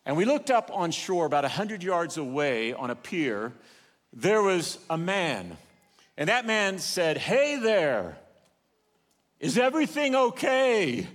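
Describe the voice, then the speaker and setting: An older man preaching a sermon in a church auditorium, telling stories with swings in loudness and pace. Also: on the high side, sing-song, unhurried, long reverb tail. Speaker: pastor.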